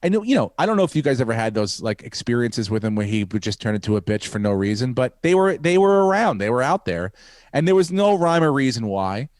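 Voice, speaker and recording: A man's voice: medium pitch, sing-song, fast, darkish tone, no room sound. A man hosting a podcast who rambles through a profane story and acts out the quotes. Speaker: podcast host, comedian. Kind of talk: casual storytelling.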